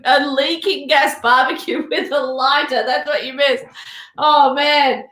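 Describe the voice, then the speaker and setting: A woman host with a high voice speaks slowly and unhurriedly. She reacts to her guest with teasing and laughter. Her voice echoes in a roomy space. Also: expressive, fairly bright tone. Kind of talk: casual chat. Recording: echoey room.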